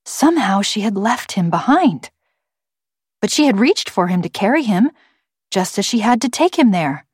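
Her voice is medium in pitch and slightly rough as a woman narrates an audiobook in an even, measured storytelling style. It's scripted narration with no room sound and clean studio audio.

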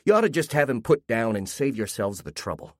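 A man voicing a haughty, rude woman at a party, talking loudly and with scorn in a storybook reading. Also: mid-range voice, very animated, fairly quick, no echo, clean studio sound, lightly acted. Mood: scornful. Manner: loud, scornful. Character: haughty rude middle-aged woman guest.

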